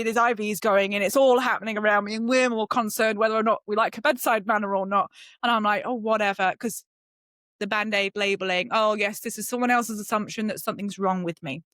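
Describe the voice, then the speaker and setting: A middle-aged British woman, a podcast guest, telling a personal story in a lively way and acting out the voices she quotes. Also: brisk, no echo, studio quality. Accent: British English. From Britain. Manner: lively, acts out quoted voices with sudden high jumps. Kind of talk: animated storytelling.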